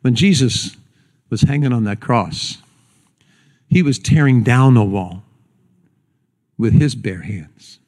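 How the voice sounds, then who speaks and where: A man preaching a sermon to a congregation. He tells a folksy story, then slows and drops low and quiet for the solemn points. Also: animated. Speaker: pastor.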